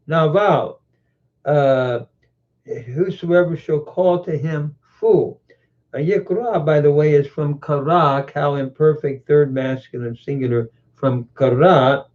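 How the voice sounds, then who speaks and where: A man teaching scripture, reading verses in several languages and explaining their grammar with frequent pauses and self-corrections. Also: fairly high pitch, a little mellow. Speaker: Bible teacher. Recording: muffled lo-fi recording.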